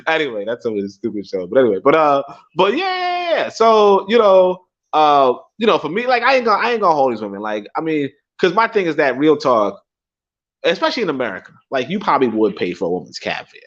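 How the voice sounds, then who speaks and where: A young man tells stories on a casual livestream. His pitch swings all over as he rambles, swears and repeats himself. The stream audio is dull and lo-fi. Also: sing-song, fast, fairly bright tone. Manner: rambling, profane, laughs often, repeats himself. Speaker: livestream host.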